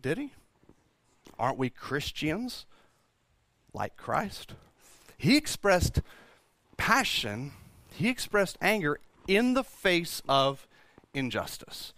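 Bright, emphatic male pastor preaching. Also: on the high side, huge pitch swings, slow, pauses often, dry recording. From Texas. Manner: emphatic, rhetorical questions, frequent restarts. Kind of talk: sermon. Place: church.

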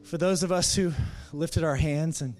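A pastor with a Texan accent preaches in a church sanctuary. He tells his story briskly and acts out both sides of a conversation. Then he slows into a quiet, earnest appeal to the congregation. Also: fairly high pitch, soft background music. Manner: animated storytelling with quoted dialogue; earnest altar call. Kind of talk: sermon.

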